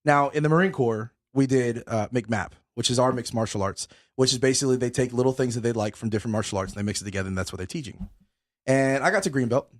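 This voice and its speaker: A young podcast host, talking fast at a medium pitch, tells a story in an easygoing chat. He's worked up, cursing plenty, and still short of breath.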